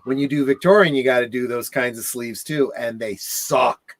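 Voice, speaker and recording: A man's voice: mid-range voice, steady tone, moderate pace, dry recording. A man chatting in a casual movie commentary with wry, dry jokes and hesitant fillers. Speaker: film commentator.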